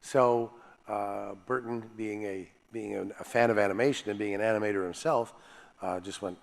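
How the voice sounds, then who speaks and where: A man, a voice actor and panel guest, telling animated, self-deprecating stories with frequent restarts. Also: on the low side, moderate pace, gravelly, in a large hall. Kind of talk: animated anecdotal storytelling.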